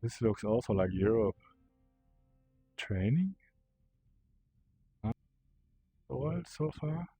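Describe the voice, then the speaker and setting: A young man calls out his game as he plays, turning excitable and swearing as he shouts at computer players. His voice is mellow and a little husky. He speaks at a slow, unhurried pace. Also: mid-range voice, soft background music, poor audio. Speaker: VR gameplay creator. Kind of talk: live gameplay commentary.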